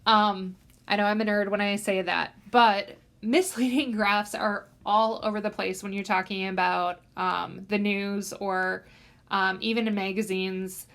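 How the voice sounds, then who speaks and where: A woman instructor delivers a recorded lecture in a mid-range voice. She talks through each point step by step, fills pauses with "um", and leans hard on the words she wants students to remember. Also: mid-range voice, fairly even intonation, creaky, a bit bright. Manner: explanatory, many "um" fillers, stresses key words. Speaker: statistics instructor.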